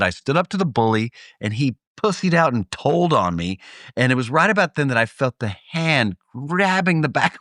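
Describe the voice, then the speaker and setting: A middle-aged man from Texas, a podcast co-host telling a story in a casual way, animated and laughing often. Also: mid-range voice, dry recording. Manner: animated, acts out voices in anecdotes, laughs often. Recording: dry close studio mic.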